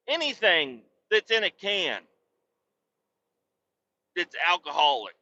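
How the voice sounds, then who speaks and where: A man's voice: fairly high pitch, animated, moderate pace, pushed and bright, no room sound, highs cut off. A man hosting a podcast and telling a rowdy, profane, rambling comic story. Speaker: podcast host.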